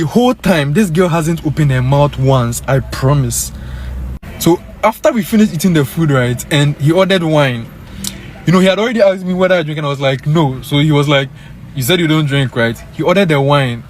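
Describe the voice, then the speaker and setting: A young man vlogging a personal story in a casual, animated way and addressing viewers as "guys." His voice sits a bit high. A faint hum of noise runs behind him. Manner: animated, lots of fillers like "guys" and "bro".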